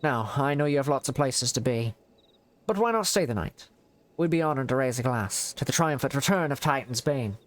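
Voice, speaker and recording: A man voicing a hearty, gruff male naval commander in a game, with a wavering put-on accent. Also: medium pitch, lively intonation, moderate pace, close to an everyday voice.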